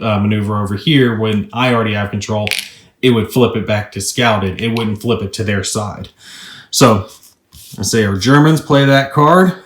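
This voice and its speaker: A man reviewing a board game, talking through his moves and the rules in a chatty, upbeat way. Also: lowish voice. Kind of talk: casual tabletop gameplay walkthrough. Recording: roomy echo.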